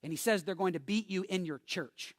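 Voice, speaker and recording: A man's voice: high voice, brisk, no room sound, studio quality. A man preaching a sermon as pastor, joking with the congregation and building to emphatic, repeated warnings. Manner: jokey, emphatic preaching with call-and-response.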